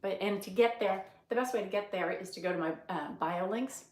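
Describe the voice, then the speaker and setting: A woman's voice: mid-range voice, brisk, a little mellow, echoey room. A middle-aged woman hosting a casual livestream, chatting with viewers, laughing often and talking into her phone. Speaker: livestream host.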